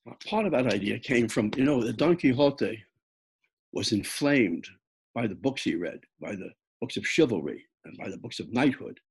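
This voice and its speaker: Husky older man, halting and reflective. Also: mid-range voice, animated. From the Bronx, New York. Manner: halting, repeats words, reflective. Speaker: author. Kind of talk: personal storytelling talk.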